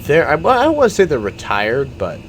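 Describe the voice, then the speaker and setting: A man's voice: a little high, huge pitch swings, brisk, a little hiss or hum. Rambling man narrating over gameplay. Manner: rambling, meandering storytelling. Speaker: gaming YouTuber. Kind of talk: casual commentary while playing a game.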